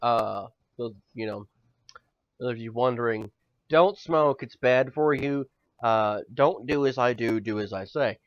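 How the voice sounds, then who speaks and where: A man's voice: mid-range voice, unhurried, dry recording. A man in his thirties co-hosting a casual comedy podcast, loose and profane, swinging between mock boasting and joking gloom. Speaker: podcast co-host. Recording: dull, lo-fi, dry podcast audio.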